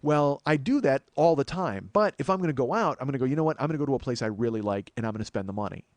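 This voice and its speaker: Fast-talking, profane ranting man. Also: mid-range voice, expressive, dry recording. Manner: profane, ranting, self-mocking; addresses listeners as "folks". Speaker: podcast host and comedian. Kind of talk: comedic monologue.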